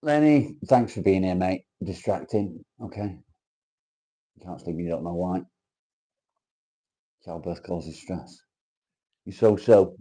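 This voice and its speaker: A man's voice: sits low, steady tone, takes it slowly, long pauses, dark tone, slightly rough. A man hosting a casual livestream, reading viewer comments aloud and bantering crudely. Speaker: livestream host.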